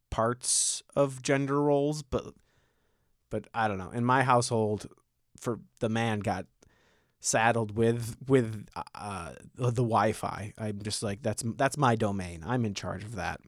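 A man's voice: medium pitch, dry recording, clean studio sound. A man in his thirties doing a stand-up comedy set, rambling and self-deprecating in a conversational way.

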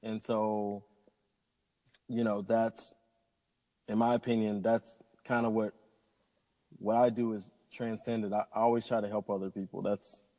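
A man tells rambling stories in a relaxed interview, upbeat and positive throughout. His voice sits on the lower side, and a long hall reverb trails after his words. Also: a little slow, pauses often. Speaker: pilot and interview guest. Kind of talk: casual interview conversation.

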